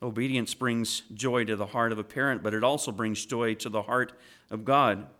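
A man, a father, preaching a sermon to children, swinging from loud impassioned rises to quiet earnest asides. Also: mid-range voice, steady tone, normal speed. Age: adult with children. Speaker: pastor.

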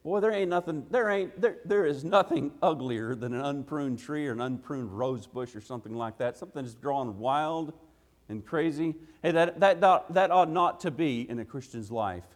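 A man's voice: on the high side, moderate pace. A man preaching an evening church sermon in a folksy, emphatic way, firing off rhetorical questions and punctuating his points with "hey.". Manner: folksy, drops into "gotta" and "ain't". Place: church sanctuary. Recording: long reverb of a church hall.

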